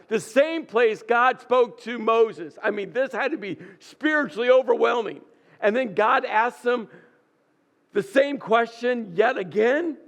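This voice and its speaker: A man preaching a sermon as pastor, dramatic and often dropping to a soft, hushed voice. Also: high-pitched. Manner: dramatic, drops to soft near-whisper.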